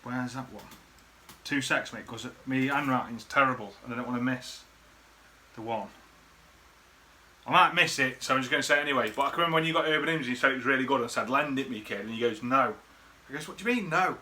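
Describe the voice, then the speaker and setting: A man's voice: medium pitch, quick pace, bright, forceful tone, slight background noise. A man, rambling through casual, sweary memories in a laddish way to the camera. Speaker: vlogger. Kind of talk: casual reminiscing monologue.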